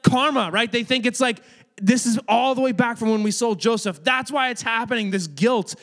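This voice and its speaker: A youth pastor with a notably high voice teaches a group of children in a loose, chatty way. He jokes often and fills his sentences with "like". He keeps the room in order as he goes. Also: moderate pace, a bit bright. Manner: chatty, joking, many filler "like"s; addresses and manages kids in the room. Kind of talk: casual youth sermon.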